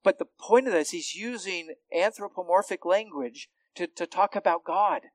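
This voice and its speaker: Speaking at a normal speed, this hard-of-hearing man works through scripture as an expository Bible teacher, his pitch a touch raised. He keeps it conversational, often restarting phrases and checking in with "right?" No room echo is heard; the sound is close and dry.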